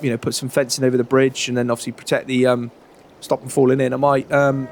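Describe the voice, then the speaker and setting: A middle-aged man gives a rambling, friendly in-character roleplay chat. His voice is mid-pitched with a gravelly rasp at the bottom. He fills every pause with ums and calls his listener mate. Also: little pitch movement, slight background noise. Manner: chatty, lots of fillers, says mate and proper chuffed. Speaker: farmer character and roleplay narrator.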